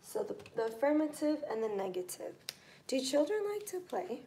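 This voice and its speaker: A woman teaching a live online English grammar class, patient and encouraging, pausing to think while she writes examples. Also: high-pitched, sing-song, mellow, a little hiss or hum.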